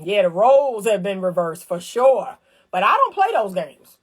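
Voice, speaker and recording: A woman giving casual, animated commentary on relationships. She talks straight to her viewers in colloquial speech, repeats phrases for emphasis and acts out little scenes. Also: medium pitch, moderate pace, breathy edge. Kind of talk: casual direct-to-camera commentary.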